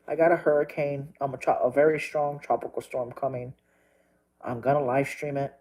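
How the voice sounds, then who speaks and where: A man's voice: medium pitch, level tone, normal speed, a little mellow, low-quality recording. A man talking straight to his viewers while crying, pleading and repeating himself, with plenty of swearing. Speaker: livestreamer. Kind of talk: emotional monologue to viewers.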